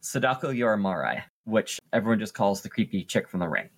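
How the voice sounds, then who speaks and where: Animated self-mocking podcast co-host. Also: deep voice, a little fast. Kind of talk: casual chat. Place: lives in Florida.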